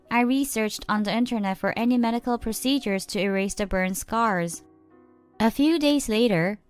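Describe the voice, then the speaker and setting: A young woman narrating a first-person story in a plain, steady way. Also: mid-range voice, smooth, no room sound.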